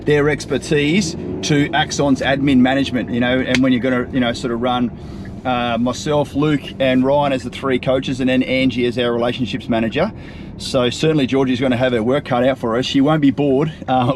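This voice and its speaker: An Australian man in his thirties chats to camera from a moving vehicle, his tone upbeat and loose, and his pitch sits in a middling range. He leans on easygoing fillers as he talks, and faint road noise hums underneath. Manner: chatty and upbeat, with frequent fillers. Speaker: property coach and show host. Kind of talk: casual to-camera vlog. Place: in a vehicle on a drive. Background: faint road and traffic noise.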